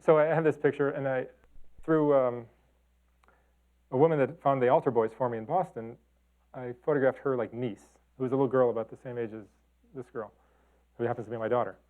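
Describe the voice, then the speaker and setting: A man's voice: mid-range voice, steady tone, brisk, long pauses. A middle-aged man from the talking casually about his photographs, rambling with lots of fillers and restarts. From Chicago and Detroit. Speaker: photographer giving a talk. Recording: tinny phone-like sound.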